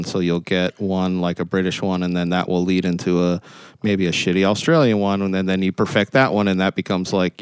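A man co-hosts a podcast in a relaxed, casual way. His low voice is smooth and resonant, and the sound is dry and close. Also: no echo. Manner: relaxed, asks questions with fillers. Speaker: podcast co-host.

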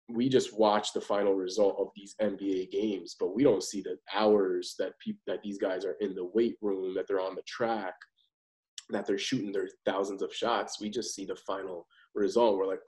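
A man guesting on a podcast, an actor describing his craft. His voice is very low, and he talks loosely and with confidence, in an easy conversational flow. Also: steady tone, normal speed, a little mellow, poor audio. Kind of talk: casual interview chat.

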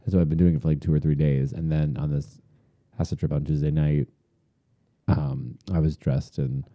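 A man from Long Island telling animated stories in a casual chat, peppering them with "like.". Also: extremely low pitch, normal speed, no echo, lo-fi sound. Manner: animated storyteller, lots of "like".

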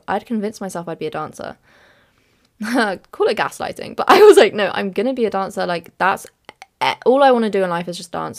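A young woman hosting a podcast, talking through her own experiences in a candid, rambling way and laughing things off. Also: fairly low pitch. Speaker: podcast host. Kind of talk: candid personal monologue.

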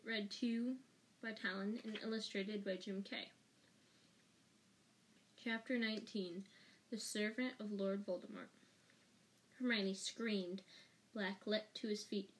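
A woman reading a novel aloud as an audiobook narrator, slow and careful, with small restarts. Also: mid-range voice, steady tone. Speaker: audiobook reader.

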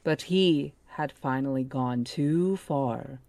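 A woman co-hosting a book club podcast, reading a novel aloud with steady narration and chatting with curious questions. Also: rumbling low, takes it slowly, dry recording. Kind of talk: reading a novel aloud, then casual chat.

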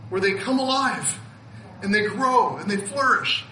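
A man's voice: sits high, expressive, measured pace, sharp tone, reverberant, slight background noise, low-quality recording. A man in his fifties preaching a sermon, earnest and emotional, often laughing and repeating words as he speaks. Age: 50s. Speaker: pastor.

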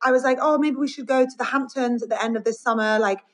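Woman from the UK, casual podcast chat, rambling, slightly high voice. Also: fast, poor audio. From United Kingdom. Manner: rambling, open, many likes. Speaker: podcast guest.

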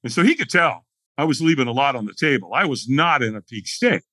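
A man's voice: medium pitch, sing-song, brisk, pushed and bright, no room sound. A man telling a dramatic story as a podcast guest, acting out the scene in voices. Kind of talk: animated storytelling.

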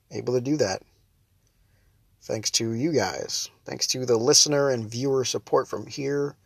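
A man's voice: medium pitch, gravelly, dry recording, studio quality. A young man hosting his own show, ranting sarcastically and laughing often while he nurses a headache. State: has a headache, holds back laughter. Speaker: podcast and stream host. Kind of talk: casual solo monologue.

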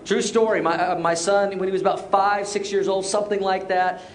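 A middle-aged man preaching a sermon, telling stories with restarts and dropping soft and low for serious points. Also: flat delivery, brisk, slight background noise. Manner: storytelling, repeats words as he restarts. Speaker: pastor.

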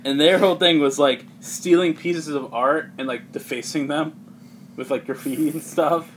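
A man with a somewhat high voice chatting casually as a podcast host. He rambles through a comic recap and leans on filler words. A faint hum of room ambience sits behind him. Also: fairly even intonation, normal speed. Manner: rambling, heavy use of "like", laughs often. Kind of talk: casual chat.

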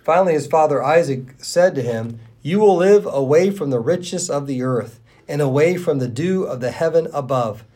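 A man co-hosting a podcast, reading scripture aloud and giving quoted speech a raised, expressive voice. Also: a little high, normal speed, hardly any pauses. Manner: expressive reader who lifts his voice for quoted speech. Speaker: Bible reading podcast co-host.

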